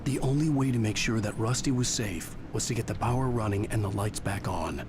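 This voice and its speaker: An actor voicing a brooding male writer hero, narrating a video game in a low, measured, world-weary way. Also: music in the background, lightly acted. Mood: grim.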